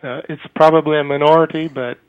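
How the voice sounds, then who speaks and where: A man calling in to a talk show, speaking haltingly with many hesitations and partly reading from notes. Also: on the high side, steady tone, clean tone. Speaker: caller. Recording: tinny phone line.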